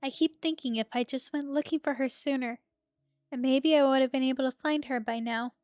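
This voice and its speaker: A woman's voice: high voice, unhurried, no room sound, studio quality, faint music behind. A woman voicing a worried young woman, the heroine of a romance game, speaking earnestly and tenderly. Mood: sad.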